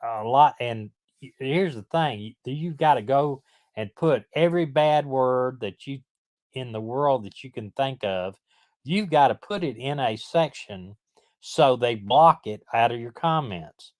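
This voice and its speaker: A man's voice: medium pitch, lively intonation, a little slow, a little mellow. A man hosting a casual livestream chat, blunt and often restarting his sentences. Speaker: livestream host, retired detective.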